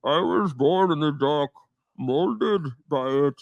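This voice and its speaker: A man imitating Bane, slow and ominous. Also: fairly high pitch, lively intonation, gravelly, no echo, muffled recording, exaggerated voice. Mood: menacing. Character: menacing masked villain, calm and grim.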